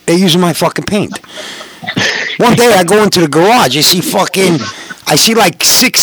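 A man's voice: a little high, a bit bright, dry recording, rough recording. A middle-aged man telling stories as a podcast guest, casual, rambling and full of swearing. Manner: profane, rambling storyteller. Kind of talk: casual chat.

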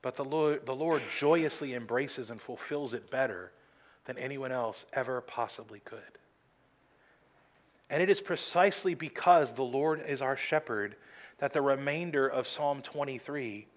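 A man preaching a sermon from a church pulpit, earnest, slowing down for emphasis and adding dry humor. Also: mid-range voice, a bit bright. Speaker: pastor.

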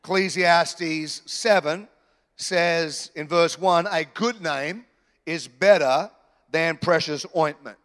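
Guy preaching, animated and jokey, bit high voice, big hall echo. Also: slow pace. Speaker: pastor. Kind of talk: sermon. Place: church hall.

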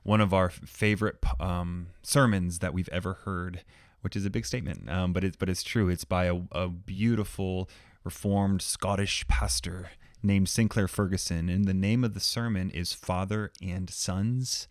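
A man's voice: deep voice, fairly even intonation, normal speed, no echo, studio quality. A man co-hosting a casual chat with his wife, earnest and enthusiastic, often stumbling over words. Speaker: co-host, husband.

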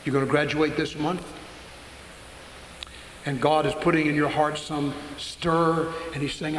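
A man preaching a sermon to an audience, emphatic and slowing down to stress key points. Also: fairly high pitch, level tone. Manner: emphatic, slows down for stress, breaks into acted quotes. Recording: echoey hall with faint hiss.

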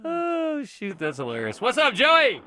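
A man's voice: very high-pitched, wildly swooping pitch, unhurried, pushed and bright. A man hosting a sports talk radio show, joking and chatting in a friendly way with callers. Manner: friendly, upbeat banter with callers.

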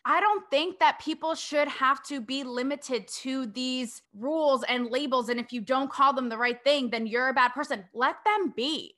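A woman's voice: sits high, moderate pace, few pauses, sharp tone. A woman from New England hosting her own show, giving an emphatic opinion monologue straight to her listeners. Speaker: podcast host.

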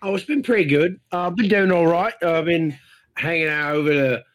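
A man's voice: a little high, fairly quick, lightly acted. A man playing a bumbling, rambling Australian co-host in an improvised comedy sketch, with a put-on Australian accent. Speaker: podcast co-host.

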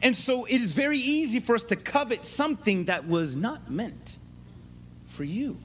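A man preaching a sermon in an animated way, often checking in with his listeners. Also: very high-pitched, moderate pace, slight background noise.

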